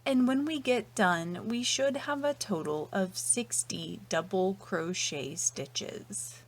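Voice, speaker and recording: A woman walks through a crochet pattern step by step, speaking at an unhurried, deliberate pace. Her voice sits at an ordinary middle pitch, and her delivery is patient and methodical, often fading softly at the ends of lines. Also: a little hiss or hum. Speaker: crochet instructor. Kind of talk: step-by-step tutorial narration.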